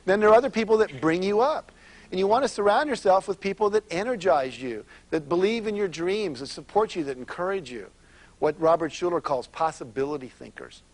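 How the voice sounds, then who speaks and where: A man speaking as a motivational seminar speaker, telling stories in an animated way and addressing his audience directly. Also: high-pitched, a little fast.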